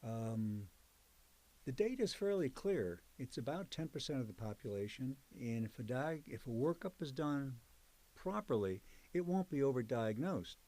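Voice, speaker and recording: A man's voice: mid-range voice, lively intonation, moderate pace, warm tone. An older man, a psychologist and professor, recalling his career in an oral history interview, speaking in a conversational, digressive way. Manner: conversational, digressive storyteller with fillers.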